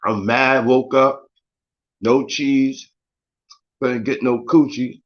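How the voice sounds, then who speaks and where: Guy doing a morning live stream, slangy, cussing, shouting out viewers, muffled lo-fi sound. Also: mid-range voice, steady tone, slow pace. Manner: slangy, swearing, greets viewers by name. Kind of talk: casual morning live chat.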